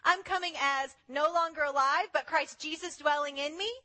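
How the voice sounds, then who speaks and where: High, bright-voiced woman preaching. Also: moderate pace. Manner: animated, acts out quoted voices. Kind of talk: sermon.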